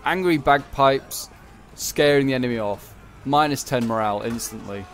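A man's voice: medium pitch, a little fast, slight background noise. A man giving casual, rambling commentary on a strategy game battle, correcting himself and tossing in joking asides. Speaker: gameplay commentator.

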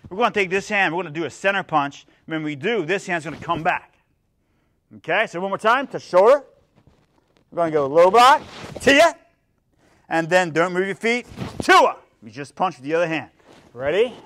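A male karate instructor leads a streamed beginners' class with a high, bright voice. He walks the kids through each move calmly, then snaps out loud counts and punchy kiai shouts. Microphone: phone or laptop for a live stream.

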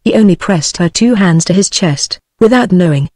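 A British text-to-speech woman voice narrating an audiobook in an even synthetic manner. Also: lowish voice, normal speed, dry recording. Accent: British English.

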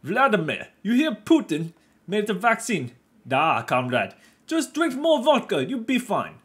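A joking mock Russian man, as a man puts him on, speaks in a pushed-up, louder voice with a clumsy fake accent. The manner is mocking and over the top, a quick bit of parody inside a casual video. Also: high voice, wildly swooping pitch, pitched above the performer's own voice, exaggerated voice.

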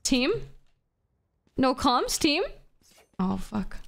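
A woman's voice: high voice, big pitch swings, very slow, creaky. A woman streamer chatting casually with her live chat while gaming, profane, playful and flirty. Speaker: VTuber streamer.

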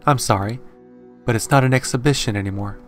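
A man's voice: medium pitch, a little fast, faint music behind, natural voice. A man voicing a curt, irritable novelist. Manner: curt and ungracious. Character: irritable male novelist who wants to be left alone.

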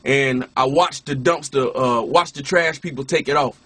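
A man's voice: mid-range voice, normal speed, bright, forceful tone, dry recording. A man, a minister and former rapper, telling his personal testimony in a casual way, often saying "you know what I'm saying" and restarting his words.

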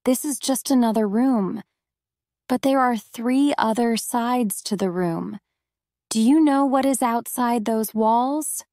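Give me a woman narrating as a frail, wise old man in prison, slow and steady. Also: on the high side, dry recording, clean studio sound. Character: frail old white-bearded male prisoner, calm and wise.

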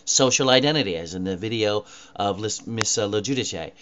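A man's voice: on the low side, a little fast. A man giving a recorded mini lecture, talking conversationally and putting questions to his students. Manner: conversational, asks students questions, many uh fillers. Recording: dull lo-fi recording with clear noise.

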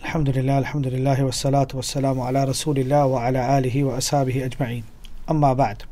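A man from Leicester, a religious scholar, speaking as a guest in a measured, formal way. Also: medium pitch, little pitch movement, dark tone. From Leicester, England. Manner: measured, formal, opens with Arabic phrases. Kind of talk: podcast interview.

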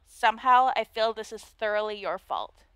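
A woman's voice: a little high, normal speed, sharp tone, clear, resonant tone, dry recording. A woman doing a sneering Valley Girl noble. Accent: Valley Girl, put on. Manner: sneering, drawling. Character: snobbish young noblewoman, the mean girl.

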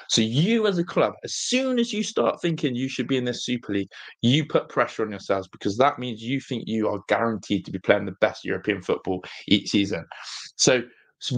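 Young male co-host, ordinary mid pitch, needling his rival in a football chat. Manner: mocking, repetitive, needling. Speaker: football podcast co-host, fan. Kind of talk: casual football debate.

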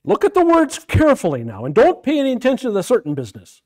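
A man's voice: very high voice, wildly swooping pitch, fast talker, a little mellow. A man leading a Bible study class, questioning his students and repeating phrases as he works through a passage.

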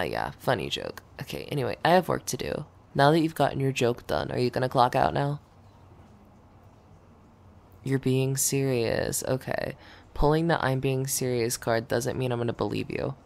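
A woman performing a scripted audio role-play as a blunt, sarcastic office coworker who curses and grudgingly softens. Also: very deep voice, gravelly, exaggerated voice. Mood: sarcastic, dismissive. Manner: dry, dismissive teasing that turns grudgingly gentle.

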